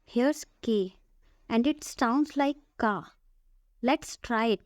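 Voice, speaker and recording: Female teacher, higher register, very slow drill delivery, dry close sound. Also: no room sound. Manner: slow, careful, repeats each word for practice. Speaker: language teacher. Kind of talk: slow scripted alphabet lesson.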